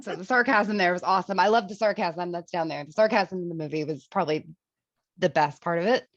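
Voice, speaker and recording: A woman co-hosting a casual movie review chat, animated and laughing, swearing freely. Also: lowish voice, fast, no room sound, highs cut off.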